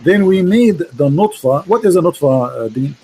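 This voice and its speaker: Mocking Arabic-accented man, high voice. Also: expressive, slightly rough, rough recording. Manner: mocking, forceful, fast bursts, repeats words. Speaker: host, debater. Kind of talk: casual debate chat.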